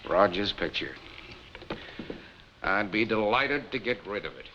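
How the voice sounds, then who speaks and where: A man's voice: fairly low pitch, lively intonation, a little slow, sharp tone, slight background noise, exaggerated voice. A man playing a dry, sardonic husband who works in real estate, in a 1950s TV drama. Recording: dull lo-fi 1950s TV soundtrack.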